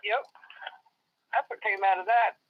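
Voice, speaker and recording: A woman calling in to a livestream, speaking in a matter-of-fact, measured way. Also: mid-range voice, steady tone. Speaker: caller. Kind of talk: call-in conversation. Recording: muffled phone-line call.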